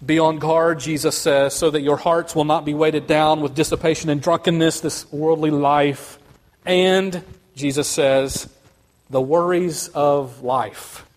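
A man preaching a sermon, speaking earnestly and building to quick, emphatic runs. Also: on the high side, fairly even intonation. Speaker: pastor.

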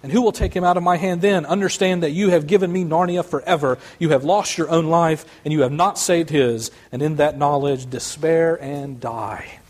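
A man voicing a cruel, gloating female witch queen, reading her lines slowly in a quivering voice. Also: a little high, darkish tone, close to an everyday voice. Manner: quivering, slow and menacing.

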